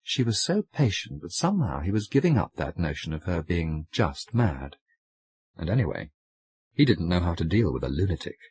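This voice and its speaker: Husky low-voiced man reading a ghost story. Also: very animated, moderate pace, darkish tone, dry recording. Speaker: audiobook reader. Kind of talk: audiobook narration.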